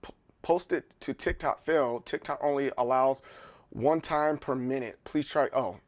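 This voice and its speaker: A man's voice: medium pitch, normal speed. A man streaming live in casual chat, rambling and joking, often repeating words. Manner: joking, playful.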